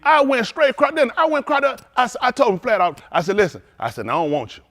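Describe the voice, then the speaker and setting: A male pastor preaches an animated sermon, his voice set high and leaping all over the place. He tells stories and throws questions out to the congregation. The sound is dry and close. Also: quick pace, no echo.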